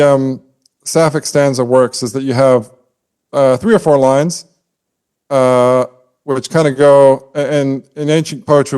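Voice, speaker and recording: A man's voice: medium pitch, darkish tone, clear, resonant tone. A man co-hosting a podcast, explaining poetic meter in a casual, scholarly way and humming out rhythms with his voice. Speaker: podcast co-host.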